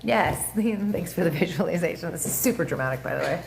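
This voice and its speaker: A woman hosting a casual astrology livestream, talking in an animated, profane way with laughing asides and sing-song voices. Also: on the low side, brisk, vocal fry, background noise. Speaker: livestream host. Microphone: phone or webcam mic.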